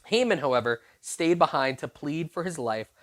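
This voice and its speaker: A youth pastor giving an animated sermon, retelling a scripture story in a lively, conversational way with playful asides. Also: mid-range voice, moderate pace.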